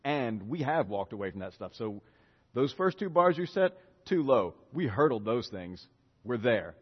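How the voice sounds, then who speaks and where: A man preaching a lively sermon, retelling a Bible story in casual speech and acting out the characters' lines. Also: medium pitch, moderate pace, breathy edge, long reverb tail, lo-fi sound. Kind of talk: lively sermon with acted-out dialogue.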